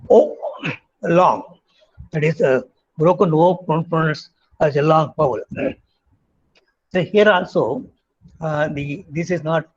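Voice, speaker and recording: A man with an Indian English accent lectures on phonetics at a slow, deliberate pace, his voice husky and a little breathy. He stops often on fillers and says example sounds aloud, and the recording sounds dull and lo-fi. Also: fairly high pitch. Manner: halting, many fillers, models sounds aloud.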